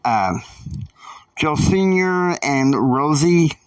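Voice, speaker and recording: A man puts on an earnest, worried matriarch asking for prayers. She talks slowly and pleadingly. The mic is dry and set back. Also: on the high side, lively intonation, dry recording, recorded from a distance, rough recording. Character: worried middle-aged woman, family matriarch.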